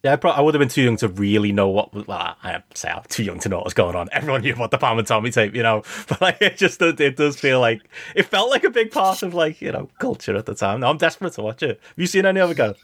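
Scouse guy on a podcast, pitch jumping all over, laughing a lot, casual wrestling-pod banter. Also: fast talker, hardly any pauses. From Liverpool, England. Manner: animated, laughs often, swearing banter. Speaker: podcast guest. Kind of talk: casual chat.

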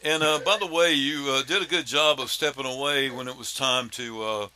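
A man's voice: mid-range voice, steady tone, moderate pace, bright, forceful tone, clear, resonant tone. A man hosting a podcast, chatting casually and joking with his co-hosts. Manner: joking, rambling, sign-off style. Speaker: podcast host. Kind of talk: casual chat.

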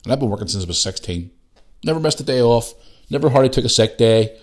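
A man's voice: medium pitch, animated, fast. A man in his forties from the UK, hosting a podcast and telling a long personal story in a heated, profane way. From United Kingdom. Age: 40s. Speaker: podcast host. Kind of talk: casual monologue.

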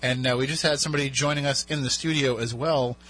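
A man's voice: mid-range voice, fairly even intonation, quick pace, fairly bright tone. A man with a South Coast Massachusetts accent hosting a talk radio show in a studio, chatty and upbeat. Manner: chatty, upbeat, reads phone numbers in clusters.

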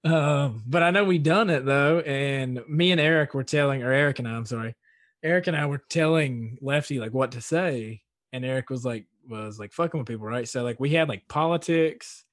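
A man's voice: mid-range voice, normal speed, fairly bright tone, no echo, clean studio sound. A man hosting a podcast, chatting casually, rambling and swearing with lots of filler words. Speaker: podcast host.

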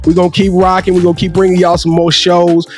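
A man hosting a sports talk podcast, closing the show with energetic, emphatic hype. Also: sits high, fast talker, husky, soft background music. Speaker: podcast host. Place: Dallas.

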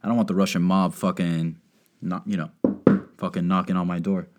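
Male stand-up comic, lowish voice, crude and rambling, riffs with quick put-on voices. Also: level tone, a little hiss or hum. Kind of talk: stand-up comedy monologue. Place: Miami.

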